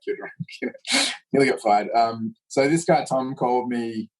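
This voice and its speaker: An Australian martial arts instructor tells stories in a casual interview, animatedly acting out the voices of the people he quotes. His voice is lowish, and the recording is rough.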